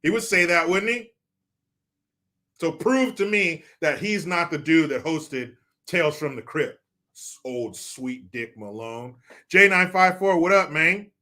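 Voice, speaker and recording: Lively bright-voiced man joking with viewers. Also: on the high side, measured pace. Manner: joking, profane, mock-outraged. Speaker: streamer reading viewer comments. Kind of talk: casual live commentary.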